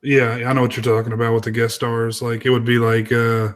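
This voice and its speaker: A man's voice: medium pitch, level tone, brisk. A man chatting casually, laid-back, mostly giving short replies. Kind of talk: casual movie watch-along chat.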